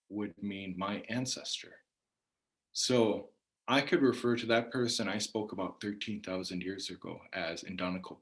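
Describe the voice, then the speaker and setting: A language teacher with a lowish voice gives a measured spoken lecture on the meaning of words. He often lets his phrases trail off softly at the end.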